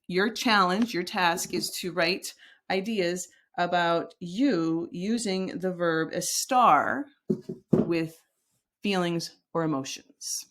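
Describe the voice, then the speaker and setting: A woman's voice: fairly low pitch, slow, fairly bright tone. A woman teaching a recorded lesson, explaining step by step and modeling example sentences aloud. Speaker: Spanish teacher.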